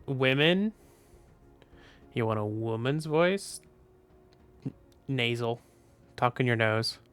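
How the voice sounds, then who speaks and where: A man's voice: mid-range voice, expressive, slow, fairly bright tone, clean tone, faint music behind. A tired, sleepy man chatting casually on a live stream, rambling and offhand with the odd swear. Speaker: VTuber streamer.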